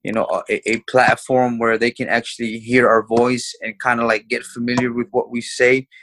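A man who works as a plumber, guesting on a podcast and talking in a friendly, halting way with many fillers. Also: medium pitch, little pitch movement, fairly bright tone, dry recording. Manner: friendly, stumbles and uses fillers. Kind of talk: casual interview chat.

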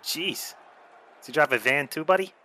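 Wisecracking, lively podcast co-host, a man. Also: fairly high pitch, moderate pace. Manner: wisecracking, laughs at his own jokes. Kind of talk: casual watch-along commentary.

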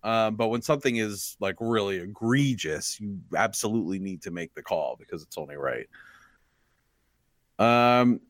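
A man's voice: on the low side, lively intonation, normal speed, dry recording, clean studio sound. A man co-hosting a sports podcast, joking and sardonic in casual chat. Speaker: podcast co-host.

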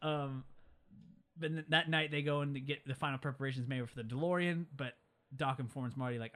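A man's voice: medium pitch, steady tone, brisk, bright, forceful tone. A young man in casual chat, retelling a film scene by scene and quoting characters in changing voices. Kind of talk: casual movie recap chat.

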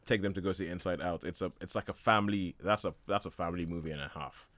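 A man with a slightly low voice rambles eagerly about a film, full of false starts and quick laughs. The sound is dry and close, with no room echo at all. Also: a bit bright. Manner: enthusiastic, rambling, laughs often. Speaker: film reviewer on a radio show. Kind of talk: casual chat.

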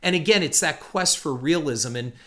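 A man's voice: fairly high pitch, normal speed, bright, forceful tone. A middle-aged man hosting a solo podcast, talking in a rambling, opinionated way with many restarts and fillers. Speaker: podcast host.

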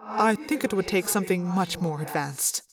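A woman voicing a polite, formal male alien who speaks quietly and precisely. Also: on the low side, normal speed, music in the background, natural voice. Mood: earnest.

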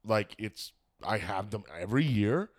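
A man's voice: fairly low pitch, lively intonation, moderate pace, no echo, clean studio sound. A man, a comedian hosting a podcast, chatting casually and rambling with lots of swearing and fillers; he has a cold and a smoker's cough. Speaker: podcast host and stand-up comedian. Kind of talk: casual chat.

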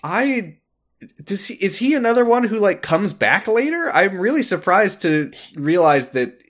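A man's voice: sits high, sing-song, measured pace. A man co-hosting a podcast, retelling an episode in casual chat with dry, sarcastic asides. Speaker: podcast co-host.

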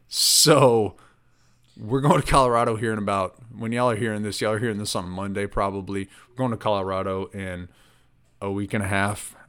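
A man hosting a podcast, telling a story in a rambling, animated way with lots of filler words. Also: fairly low pitch, normal speed, long pauses, clear, resonant tone. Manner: rambling, animated, heavy use of "like". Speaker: podcast host. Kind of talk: casual storytelling chat.

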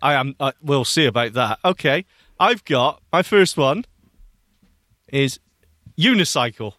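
A man's voice: mid-range voice, animated, unhurried, a bit bright, no echo, clean studio sound. A man co-hosting a podcast, mock outraged and theatrical while playing a word game. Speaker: podcast co-host. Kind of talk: casual chat playing a game.

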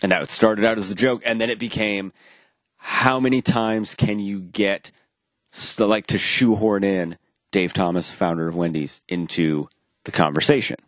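A man's voice: on the low side, measured pace, no echo, clean studio sound. A man casually telling a long anecdote, acting out the quoted dialogue, rambling with restarts and the odd swear word. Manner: animated, acts out quoted dialogue; rambling with frequent restarts and profanity. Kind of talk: casual storytelling chat.

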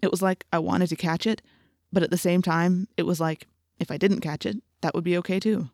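A woman's voice: fairly low pitch, steady tone, a little fast, no room sound, clean studio sound. A woman reading an earnest teenage boy. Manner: quiet, confiding.

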